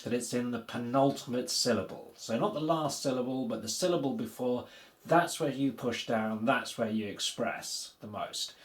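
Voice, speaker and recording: Male tutor, mid-pitched, patient explainer, roomy reverb. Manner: patient explaining, frequent "uh" and "okay". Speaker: language teacher. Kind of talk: recorded language lesson.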